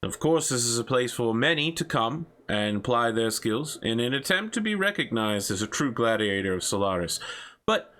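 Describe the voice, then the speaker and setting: A man's voice: mid-range voice, big pitch swings, moderate pace, a bit bright. A man playing a theatrical male arena talk-show host who asks probing questions. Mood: showy.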